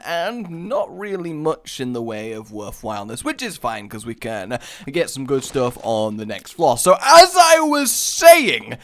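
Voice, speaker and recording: A man's voice: medium pitch, a bit bright. A young man hosting a let's play, rambling and joking his way through casual gameplay commentary. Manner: rambling, jokey, easily sidetracked.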